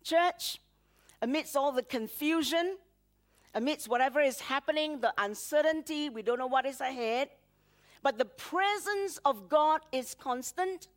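A woman's voice: high voice, expressive, unhurried. A woman pastor preaching a sermon, dramatically acting out prayers with rising emphasis and laughing between phrases.

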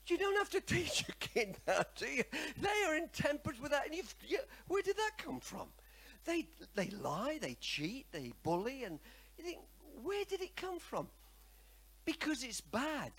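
A man's voice: extremely high pitch, moderate pace. A man preaching a sermon, telling a personal story and calling on the congregation to repeat after him. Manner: animated, repetitive, calls for congregation response.

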